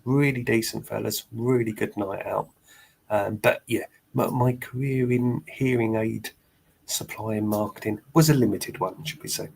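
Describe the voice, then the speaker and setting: Gravelly middle-aged man, dry punning co-host. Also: on the low side, steady tone, moderate pace, darkish tone, rough recording. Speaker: podcast co-host. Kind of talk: casual chat.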